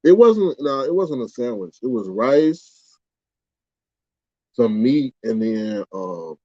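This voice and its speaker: A man's voice: mid-range voice, takes it slowly, dry recording. Indignant, rambling man, dull and muffled. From United States. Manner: animated and exclaiming, with indignant rhetorical questions. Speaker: livestream host reading chat. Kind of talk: casual rambling livestream chat.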